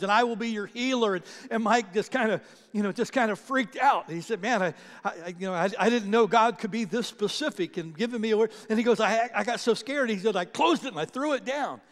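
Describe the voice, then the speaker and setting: A man preaching a sermon as pastor, telling stories and retelling other people's words, with frequent restarts. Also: high-pitched. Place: church sanctuary. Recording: reverberant church hall.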